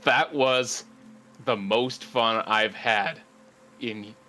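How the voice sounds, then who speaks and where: A man voicing a cheerful, thrill-seeking woman in a tabletop game, bubbly and excitable. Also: medium pitch, very slow, soft background music. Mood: delighted.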